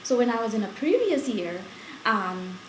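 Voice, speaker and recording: A woman's voice: on the high side, very animated, moderate pace, reverberant, background noise. A woman from India, recalling her school days in an oral history interview, chatty and laughing often. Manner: chatty, laughing storyteller with many fillers.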